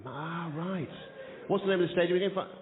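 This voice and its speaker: A man from the south of England hosting a live comedy chat show, firing off puns and joking with the audience. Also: high-pitched. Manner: rapid-fire punning, playful, shouts to the crowd. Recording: echoey hall on a tinny, noisy radio recording.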